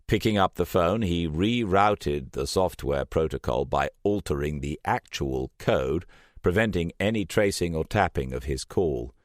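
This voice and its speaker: Deep male narrator, animated delivery, dry close recording. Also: dry recording. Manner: expressive storytelling. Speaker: audiobook narrator. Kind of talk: scripted narration.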